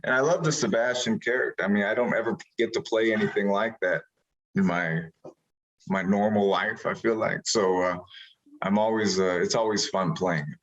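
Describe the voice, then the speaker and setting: A man's voice: fairly low pitch, moderate pace, highs cut off. Rambling man in casual interview. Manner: rambling, animated when retelling scenes. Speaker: actor being interviewed.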